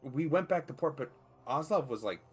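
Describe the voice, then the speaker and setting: A man playing a tabletop game who talks in an animated way, often restarting and swearing casually. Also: fairly high pitch, moderate pace, husky, faint music behind. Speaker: player.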